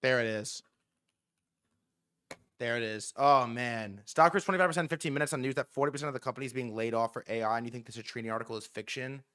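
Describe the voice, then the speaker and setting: A young man doing casual livestream commentary, excitable, swearing often, repeating himself and talking straight to his chat. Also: medium pitch, quick pace, clear, resonant tone. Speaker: streamer reacting to news.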